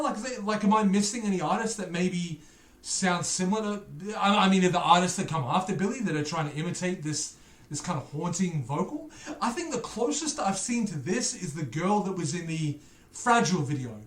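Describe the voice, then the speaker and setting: A man with a high-pitched voice hosts a music reaction video, chatting casually with playful, teasing, self-mocking banter. The sound is roomy.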